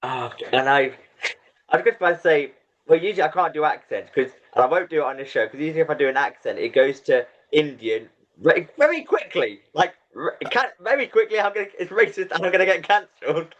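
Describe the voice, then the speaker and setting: A man's voice: fairly high pitch, fast, a bit bright. A man hosting a casual podcast chat, self-deprecating and laughing often. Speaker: host. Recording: dull lo-fi audio.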